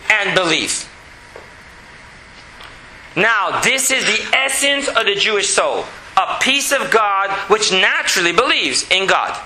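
A middle-aged man teaching a spoken Torah class, animated and repetitive, sometimes dropping to a quiet, even monotone. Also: high voice. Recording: roomy echo with faint background noise.

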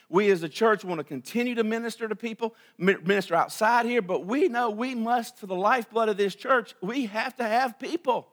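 A man preaching a sermon as pastor, emphatic, repeating phrases and swinging between loud outbursts and hushed passages. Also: high-pitched, a little fast, few pauses.

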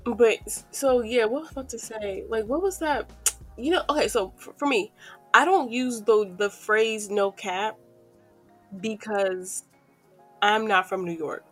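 A woman co-hosting a casual chat podcast, animated and mocking. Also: fairly high pitch, measured pace, faint music behind. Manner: animated, mocking impressions of slang. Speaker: podcast co-host.

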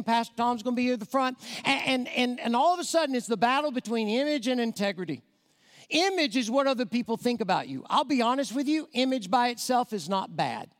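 Guy preaching, really high voice, punchy, talks right at the crowd, big echoey church. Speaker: guest preacher. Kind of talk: evangelistic sermon. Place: church sanctuary. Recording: long reverb of a large church hall.

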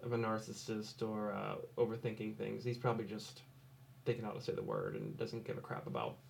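A man's voice: on the low side, level tone, fairly quick, vocal fry, slight background noise. An American man hosting, commenting on his own show in a rambling, self-questioning, mock-annoyed way. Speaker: podcast host. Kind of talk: solo commentary over a replay.

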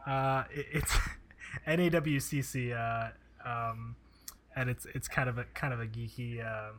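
A man co-hosting a relaxed podcast conversation. He speaks in an easygoing, halting way, with frequent pauses and chuckles. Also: mid-range voice, background noise. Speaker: podcast co-host. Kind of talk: casual chat.

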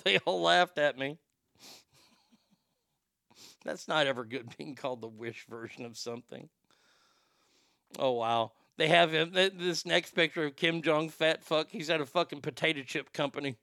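Male host, profane rambling comic rant, tense bright voice, dry close sound. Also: fairly high pitch, normal speed, gravelly, no room sound. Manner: crude, rambling, stammers and repeats words. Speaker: show host.

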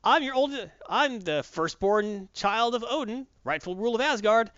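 A swaggering villain goddess, cocky and slangy, in a high voice well above a man's own , put on by a man retelling a movie. She sounds lively and animated. The recording is dull and lo-fi, with a dry sound and no room echo. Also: moderate pace, clear, resonant tone. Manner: slangy mocking bravado.

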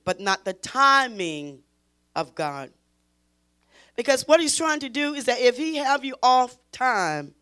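A woman teaching a Bible study in an emphatic preaching style, repeating phrases and pushing her voice toward a shout. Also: on the high side, clean tone.

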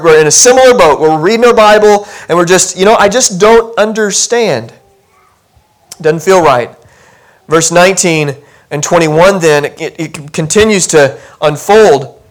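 A male pastor giving a conversational sermon, chatty and self-deprecating, asking the congregation questions. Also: a little high. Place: church sanctuary.

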